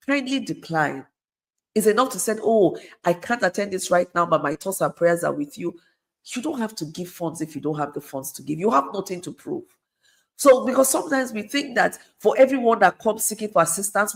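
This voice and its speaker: A middle-aged woman, speaking as a guest in an earnest, conversational way and repeating phrases for emphasis. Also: medium pitch. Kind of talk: conversational advice talk.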